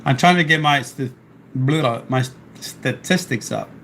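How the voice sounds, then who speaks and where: Unhurried and fairly bright, a mid-range voice comes from a man from South Philadelphia, USA, who talks casually on a live stream, reading chat aloud in his Philadelphia accent. Fighting off a sore throat, he rambles and restarts often, with a little hiss or hum in the background.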